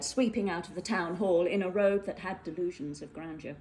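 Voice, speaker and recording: A woman reading a whimsical fairytale aloud, playful and animated. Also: on the low side, fairly quick, crowd noise, rough recording. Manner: playful, animated, with voiced characters. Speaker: storyteller. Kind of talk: storybook narration.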